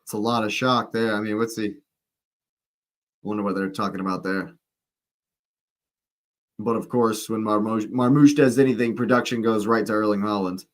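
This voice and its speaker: A man's voice: on the low side, steady tone, normal speed, pauses often. Slangy man doing live match commentary. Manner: chatty, exclaims at play, slangy asides. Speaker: watch-along host.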